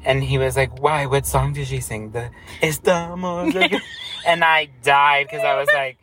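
A man co-hosting a podcast, teasing his friend and breaking into high laughs. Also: fairly even intonation, moderate pace, pushed and bright, slight background noise. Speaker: podcast co-host. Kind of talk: casual chat.

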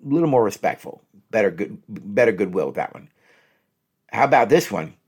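A man working as a relationship counselor, giving advice and acting out example phrases, repeating each one twice in an animated way. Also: fairly low pitch, brisk, husky. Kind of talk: advice talk with spoken examples.

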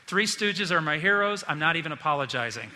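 A man preaching a sermon as pastor, telling stories in a lively, joking way. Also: on the high side, a little fast, long reverb tail.

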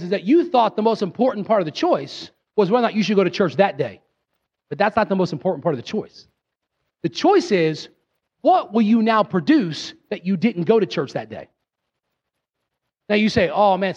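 A man in his thirties, a pastor preaching a sermon emphatically, talking directly to his congregation and rising into excited bursts. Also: high-pitched, brisk, muffled recording. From Pennsylvania. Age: 30s.

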